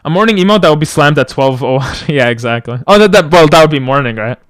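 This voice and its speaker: A young man chats loosely on a live stream, joking and wandering from topic to topic as he reads his chat. His voice sits a touch high and sounds smooth and clean. The close boom mic gives it a dry, in-your-ear sound with no room around it. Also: expressive, fast, fairly bright tone, no echo. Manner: rambling, joking, answering chat. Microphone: boom mic close to the mouth.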